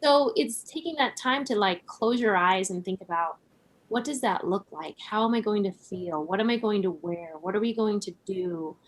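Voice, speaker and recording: A woman talking as a podcast guest in a relaxed conversation, reflective, laughing often and using many "like" and "right?" fillers. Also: mid-range voice, normal speed, a little hiss or hum.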